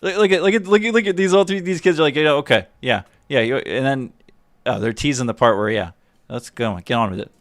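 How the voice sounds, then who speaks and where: A man hosting a live stream, giving an animated, mocking, profane running commentary on a video. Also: medium pitch, quick pace, no echo, studio quality, faint music behind.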